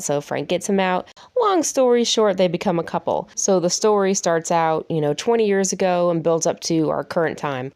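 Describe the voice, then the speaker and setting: A woman's voice: low voice, a little mellow, smooth, dry recording, studio quality. A woman giving a casual spoken review of a TV show, chatty and emotional, with frequent laughs.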